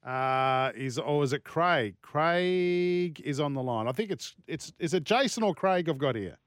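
A man hosting a sports radio show in a studio, brisk and teasing with his co-host. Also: fairly high pitch, lively intonation, no echo. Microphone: studio microphone.

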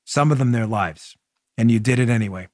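A man's voice: mid-range voice, fairly quick, a little mellow, dry recording, clean studio sound. Emphatic man hosting a political talk show. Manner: emphatic, repetitive, exasperated. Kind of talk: impassioned political monologue.

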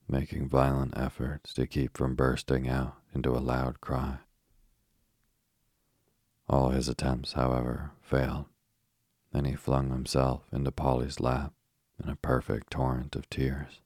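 A man narrating a children's storybook as an audiobook, reading in a steady, even way. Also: very deep voice, dry recording, clean studio sound. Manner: steady, even reading with little rise and fall.

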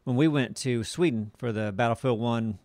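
A man's voice: medium pitch, moderate pace, a little mellow, no echo. Teasing man joking with friends. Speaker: podcast co-host. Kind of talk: casual chat.

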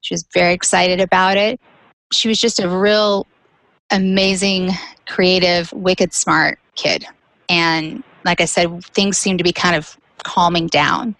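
A woman shares her story as a guest in a low, gravelly voice. She speaks candidly and lets small laughs slip between the heavy moments. The sound is dry and close. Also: fairly even intonation, a little slow, fairly bright tone, dry recording, low-quality recording. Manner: candid, with light laughs between serious points. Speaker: guest, cancer caregiver. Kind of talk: personal storytelling.

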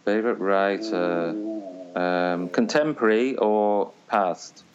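An Irish man speaks in a smooth, low voice as an interview guest. He answers thoughtfully and pauses with ums, and the recording sounds dull and lo-fi. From Ireland. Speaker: interview guest, theatre maker. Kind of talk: casual interview chat.

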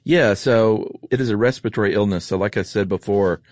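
A man's voice: on the low side, brisk, a little mellow, no room sound, clean studio sound. A man co-hosting a podcast in casual chat, joking and telling rambling personal stories. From Atlanta area, US. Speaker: podcast co-host.

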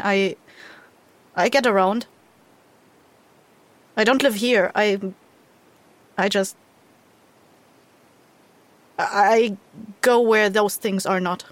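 A woman's voice: medium pitch, steady tone, extremely slow, long pauses, no echo. A woman playing a terse, wary wanderer. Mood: guarded.

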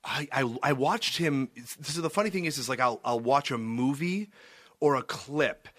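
A man's voice: mid-range voice, normal speed, no room sound. A young man, a comedian guest, telling stories animatedly and slipping into voices. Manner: animated storyteller, jumps into voices. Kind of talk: casual comedy chat.

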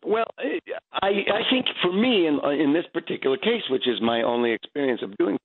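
An American stage actor in his seventies speaks reflectively in a phone interview, often restarting his sentences. His voice is on the high side, very animated and fairly quick, with a breathy edge, over a tinny phone line.

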